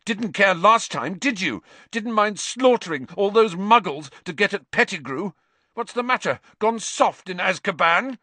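A man's voice: high voice, lively intonation, unhurried, no echo, voice pushed up, exaggerated voice. Harry, a furious young boy wizard voiced by a man. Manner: angry, shouting, spitting words. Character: furious thirteen-year-old boy wizard.

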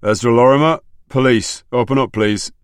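A man's voice: low voice, moderate pace, dark tone, dry recording, clean studio sound. A male narrator voicing an authoritative police inspector who speaks firmly. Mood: commanding. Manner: firm, commanding.

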